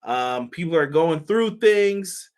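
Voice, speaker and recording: A man's voice: fairly high pitch, expressive, takes it slowly. A man hosting a casual wrestling review show, talking loosely with laughs, curses and mock voices. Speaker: wrestling podcast host.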